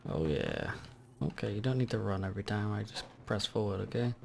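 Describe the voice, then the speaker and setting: Loud, joking gameplay commentator guy. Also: on the low side, animated, a little fast, gravelly, a little hiss or hum. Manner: loud, joking, swearing at the game. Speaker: gameplay youtuber. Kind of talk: let's play commentary. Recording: mic over loud game music.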